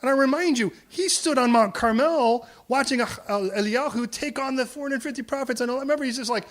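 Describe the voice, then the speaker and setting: A male preacher delivers a sermon in a church, animated and full of jokes. His voice sits fairly high for a man. He slips readily into acted voices for the figures he describes. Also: fairly quick, hardly any pauses. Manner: lively and humorous, acts out quoted voices. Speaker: pastor.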